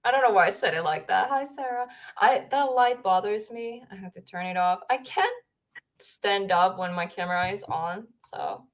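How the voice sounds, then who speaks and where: A woman's voice: medium pitch, moderate pace. Giggly young woman chatting on a livestream. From Finland. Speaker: streamer host. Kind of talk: casual livestream chat.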